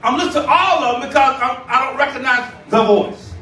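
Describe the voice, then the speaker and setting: High-voiced shouting preacher in echoey church. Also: male voice, brisk, a little hiss or hum. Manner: shouting, call-and-response preaching. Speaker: bishop. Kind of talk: sermon. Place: church sanctuary. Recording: echoey church room, distant mic.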